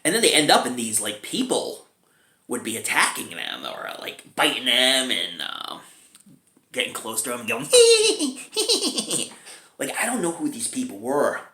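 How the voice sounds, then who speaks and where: A man's voice: mid-range voice, wildly swooping pitch, moderate pace, sharp tone. A man casually reviewing a movie, chatty and chuckling often as he talks. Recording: roomy echo.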